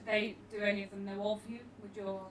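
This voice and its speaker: A woman's voice: mid-range voice, level tone, fast talker, low-quality recording. Woman player over noticeable hiss. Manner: polite, hesitant, with filler words. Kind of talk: in-character tabletop play.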